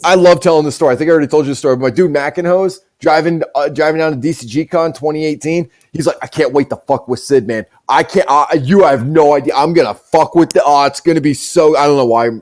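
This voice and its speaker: A man's voice: on the high side, quick pace, hardly any pauses, darkish tone. A man hosting a podcast, telling stories in a casual, profane, rambling way. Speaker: show host.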